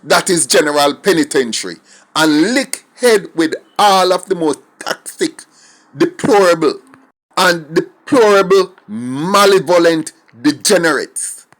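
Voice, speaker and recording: A man's voice: on the high side, lively intonation, a little slow, a bit bright. A middle-aged Jamaican man giving an emphatic, indignant opinion monologue and slipping between English and patois. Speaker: commentator.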